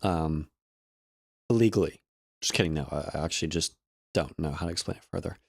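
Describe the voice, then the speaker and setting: A man's voice: extremely low pitch, fairly quick, creaky, breathy edge, dry recording, studio quality. A man casually explaining audio harmonics in a vlog, rambling and correcting himself with joking asides. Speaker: audio student vlogger.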